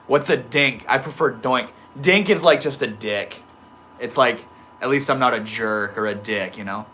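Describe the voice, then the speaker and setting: A man's voice: medium pitch, normal speed, sharp tone, slight background noise. A man chatting loosely with his livestream viewers, reading their comments aloud in slangy talk full of bro and dude. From Maine. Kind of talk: casual livestream chat.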